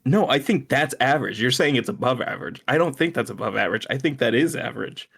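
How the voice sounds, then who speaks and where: A young man in casual podcast chat with a middle-pitched voice. He laughs often and curses offhandedly as he talks. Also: expressive, fast, gravelly, fairly bright tone, husky. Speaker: podcast co-host.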